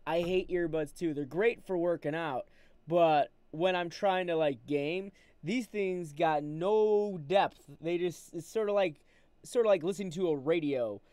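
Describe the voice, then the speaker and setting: Live streamer, agitated rant, upset, many restarts, mid pitch, dry recording. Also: unhurried, darkish tone, clean tone, no echo. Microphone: wired earbuds with mic.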